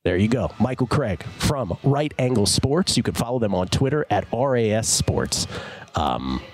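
A man hosting a sports betting show, talking casually and slowly repeating numbers for his listeners. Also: on the low side, very animated, slight background noise. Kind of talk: casual radio show talk. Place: broadcast studio at a casino bar.

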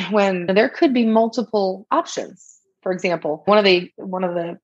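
A woman's voice: mid-range voice, measured pace, breathy edge, lo-fi sound. A woman, an author and coach, talking casually as a podcast guest, laughing often and restarting her sentences.

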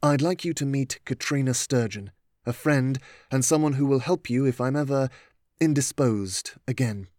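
A man voicing a tall, composed gentleman who speaks politely and formally in a storybook reading. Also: mid-range voice, normal speed, no room sound, natural voice.

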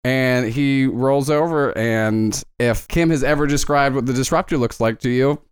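A man's voice: mid-range voice, moderate pace, clear, resonant tone, dry recording, studio quality. Casual male game master. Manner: casual, rambling, many fillers and swears. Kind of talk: narrating a tabletop game.

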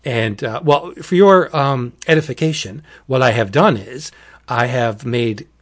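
An unhurried man with a medium pitch hosts a casual podcast conversation, retelling a wacky horror comic with lots of animation. He acts out the quotes and uses the word "wackadoodle."

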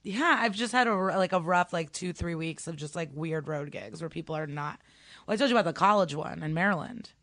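A woman's voice: lowish voice, fairly quick, no room sound. A woman stand-up comedian telling stories in casual chat, acting out the voices of people she quotes. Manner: animated storytelling, acts out quotes.

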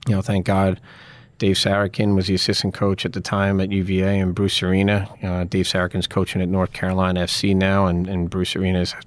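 In an interview, a middle-aged former college soccer player reflects earnestly and at length, frequently saying "you know." He speaks in a low-pitched monotone.

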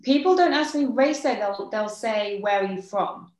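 A woman with an English accent, co-hosting a podcast and talking things through in a reflective, quick way. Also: medium pitch, lively intonation, darkish tone. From England. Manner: reflective, explains in quick bursts. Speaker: podcast co-host. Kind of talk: casual podcast chat. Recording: roomy echo.

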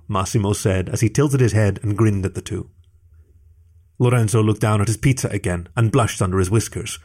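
A man narrating a written story aloud in an expressive storytelling manner. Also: fairly low pitch, fairly quick, breathy edge. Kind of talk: scripted narration.

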